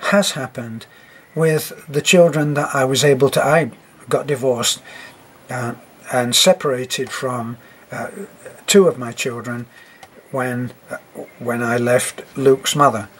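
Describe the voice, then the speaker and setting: A man's voice: mid-range voice, a little hiss or hum. An older man teaching storytelling, speaking reflectively with wry asides. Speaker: narration teacher. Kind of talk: talk on narrating for children.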